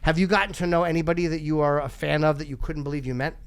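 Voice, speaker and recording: A man's voice: on the high side, fairly even intonation, very fast, smooth. A man hosting a podcast, telling rambling, self-deprecating stories in casual chat and laughing often. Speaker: podcast host.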